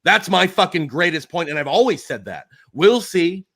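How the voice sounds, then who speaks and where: A defensive man argues on a livestream, cursing as he pushes back. His voice is slightly high and swings widely in pitch. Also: expressive, moderate pace, creaky, fairly bright tone. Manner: defensive, swears often. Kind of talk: heated argument on a livestream.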